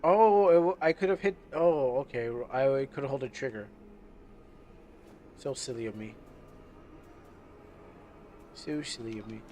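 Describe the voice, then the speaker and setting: A man's voice: medium pitch, measured pace, long pauses, warm tone, a little hiss or hum. A man streaming a game live, chatting casually and rambling as he loses his train of thought. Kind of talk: casual live gameplay commentary.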